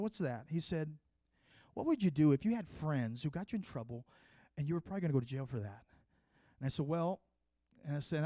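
A man delivers a sermon in an earnest, conversational manner, often restarting his sentences. His voice sits fairly high for a man. The sound is dry and close. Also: dark tone, no room sound. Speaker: preacher. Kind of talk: sermon with personal testimony.

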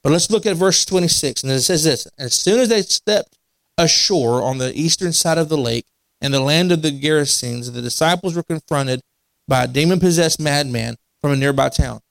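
Preacher guy, bit high voice, dry close mic, loose and repetitive then punchy. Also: normal speed, gravelly, no room sound. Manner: conversational preaching with repetitions and restarts, rising to emphatic. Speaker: pastor. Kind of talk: sermon. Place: church sanctuary.

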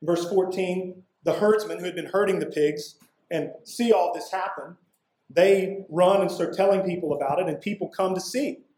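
A man with a high voice preaches in a conversational way, breaking into casual asides and leaning on emphatic pauses. His voice rings through a roomy, echoing church sanctuary. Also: darkish tone. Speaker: pastor. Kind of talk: expository sermon. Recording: echoey room.

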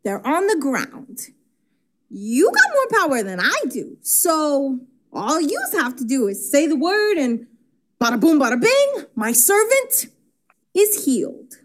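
A woman's voice: sits high, big pitch swings, slow pace, fairly bright tone, slight background noise, full character voice. A woman putting on a brash Roman army officer. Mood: boastful. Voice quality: bad put-on tough-guy accent. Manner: brash, streetwise swagger. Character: gruff pushy male Roman army officer.

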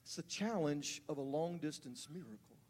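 A man preaching a sermon as pastor, building from calm teaching to fervent, rising delivery. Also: fairly high pitch, normal speed. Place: church sanctuary. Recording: church hall reverb.

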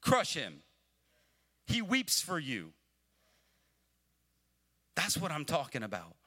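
A man preaching a sermon on a livestream, talking to his viewers like a friend. His voice is bright and a little strained. He builds from easy conversational explanation to fervent, pleading emphasis. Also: a little high, huge pitch swings, slow. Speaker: pastor. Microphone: livestream mic.

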